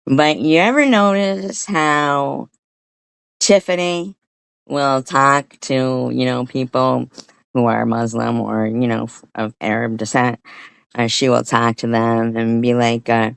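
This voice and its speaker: A woman's voice: a bass voice, measured pace, vocal fry, a bit bright, smooth, no room sound. A woman giving a profane, blunt, scornful commentary rant on a livestream. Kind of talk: ranting commentary.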